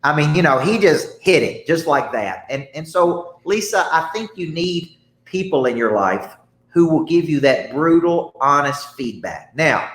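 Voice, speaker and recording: A man's voice: fairly high pitch, big pitch swings, a little slow, fairly bright tone, roomy sound. A man, a business coach and guest, telling a story with emphatic energy, often repeating himself and checking in with "right?".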